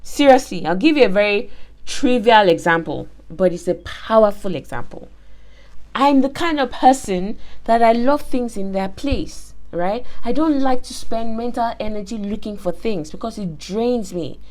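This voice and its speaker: A woman's voice: on the high side, moderate pace. A woman hosting a faith-based motivational talk, telling stories emphatically with lots of repetition. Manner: animated, emphatic storytelling with repetition. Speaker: host.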